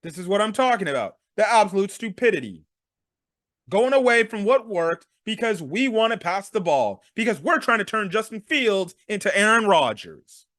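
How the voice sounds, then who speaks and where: A man's voice: high voice, big pitch swings, normal speed, a bit bright, no room sound, studio quality. A man hosting a sports talk show, ranting through a game recap with exasperated rhetorical questions. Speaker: sports podcast host.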